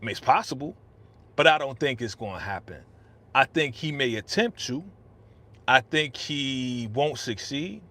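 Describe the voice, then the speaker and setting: A man's voice: medium pitch, animated, measured pace, pushed and bright. A man hosting a casual live stream, talking in a chatty, slangy way and reading viewer comments aloud into a studio microphone. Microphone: podcast studio microphone.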